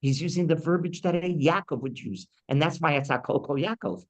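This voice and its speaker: A man's voice: fairly quick, poor audio. A man, a rabbi teaching a weekly Torah class, who asks his listeners many rhetorical questions and acts out the people in the text. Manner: acts out quoted speech with big pitch jumps. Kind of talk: Torah lesson.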